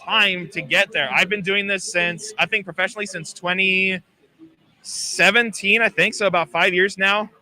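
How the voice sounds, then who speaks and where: The speaker is a man with a high, steady voice, moderate pace, and a bright, forceful tone. As a voice actor guesting on a live interview at a gaming expo, he chats in an easygoing, informal manner.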